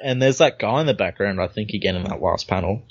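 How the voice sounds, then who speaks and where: An easygoing man hosting a casual comic book chat, describing panels one by one in a fairly low voice. The recording sounds dull and lo-fi. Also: quick pace. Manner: easygoing, narrates panels step by step. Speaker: podcast host.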